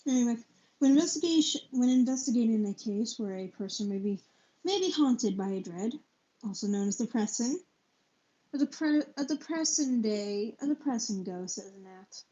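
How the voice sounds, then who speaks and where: Reading a book on a live stream, a young woman speaks in a warm, fairly high voice with lively intonation. Hard words trip her up, so she spells them out and corrects herself; her cheap microphone makes the stream sound dull and lo-fi.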